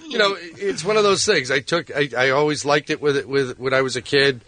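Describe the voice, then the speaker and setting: A man's voice: on the high side, a little fast, sharp tone. A middle-aged man, a fishing boat captain chatting as a radio studio guest, rambling with lots of fillers. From Massachusetts. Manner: rambling, hesitant, many fillers. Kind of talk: casual radio interview.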